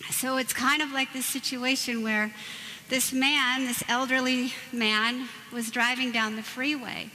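High-voiced woman speaking in a church. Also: measured pace. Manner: lively storyteller, playful asides to the audience. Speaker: Catholic speaker. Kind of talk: church talk with jokes and stories. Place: church hall. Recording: reverberant church with faint background noise.

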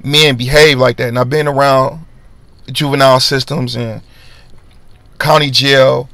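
Gravelly man telling a story. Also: mid-range voice, a little slow, no echo. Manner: animated, slangy, acts out voices in his story. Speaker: podcast host telling a personal story. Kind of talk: casual storytelling monologue.

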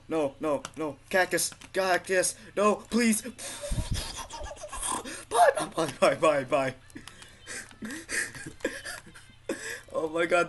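Excitable, foul-mouthed man gaming. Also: slight background noise. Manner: excitable, swearing, bursts into laughter and high-pitched yells. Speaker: gaming video host. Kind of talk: live gameplay commentary.

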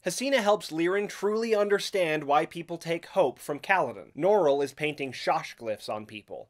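A man narrating a brisk scripted book recap as host, with playful asides. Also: on the high side, expressive.

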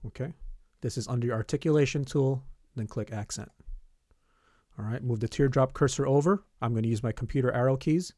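Dry-voiced man teaching notation software. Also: mid-range voice, brisk, no room sound. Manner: step-by-step instructions with frequent "okay" and "all right". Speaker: band teacher. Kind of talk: screen-recorded software tutorial.

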